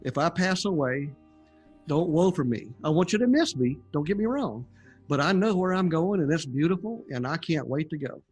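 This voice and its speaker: A man's voice: on the high side, animated, moderate pace, a little mellow, husky, soft background music. Older man telling a folksy story. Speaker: guest sharing near-death testimony. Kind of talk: casual storytelling interview.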